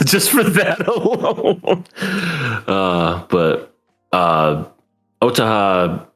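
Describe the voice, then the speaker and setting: A man's voice: low-pitched, huge pitch swings, extremely slow, a bit bright. A man co-hosting an anime podcast, chatting casually, laughing often and acting out characters' lines. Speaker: podcast co-host. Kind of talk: casual anime review chat.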